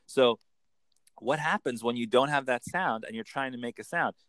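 A man, a coach explaining in an enthusiastic conversational interview with quick acted examples. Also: mid-range voice, a bit bright, dry recording. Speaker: accent coach.

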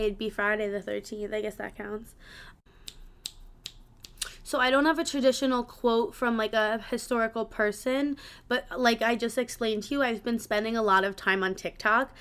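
A woman's voice: fairly high pitch, a bit bright, smooth. A young woman hosting her own podcast in a casual, rambling way, restarting sentences and laughing at herself. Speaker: podcast host.

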